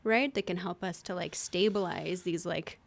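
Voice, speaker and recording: A woman speaking as a podcast guest, talking calmly and gently with frequent soft affirmations. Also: fairly low pitch, moderate pace, creaky, slight background noise. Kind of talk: casual conversation.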